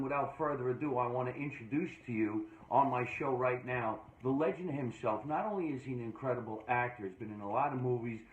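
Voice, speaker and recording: An energetic, joking man hosts a casual chat show with emphatic, punchy delivery. His voice sits in the middle range but sounds dull and lo-fi. The room around him is echoey. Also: medium pitch. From New Jersey. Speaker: podcast host.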